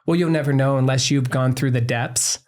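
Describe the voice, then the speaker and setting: A man's voice: mid-range voice, fairly even intonation, fairly quick, darkish tone. Man, podcast co-host, earnest, explanatory, casual conversation. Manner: earnest, explains with analogies and asides. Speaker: podcast co-host, functional medicine doctor.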